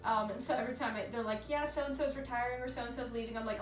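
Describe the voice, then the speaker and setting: A woman streamer in her thirties chatting casually with her live chat, candid and quick to swear. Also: on the high side. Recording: echoey room with faint music.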